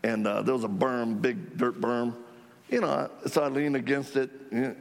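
A man leading a ministry, telling stories to a live audience in an animated, folksy way with jokes about himself. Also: medium pitch, normal speed, creaky. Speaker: ministry leader speaking to supporters. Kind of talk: storytelling talk to a live audience. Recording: long hall reverb.

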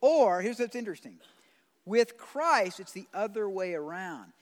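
A man preaching a sermon as pastor, blunt and conversational, swinging from loud pleading to quiet. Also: sits high, expressive, measured pace. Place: church sanctuary. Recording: long hall reverb.

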